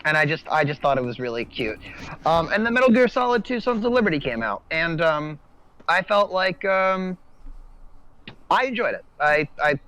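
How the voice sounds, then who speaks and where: A man hosting a casual panel chat, talking haltingly with many ums and restarts. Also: on the high side, big pitch swings, pushed and bright, clean tone, dry recording, poor audio. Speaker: podcast host.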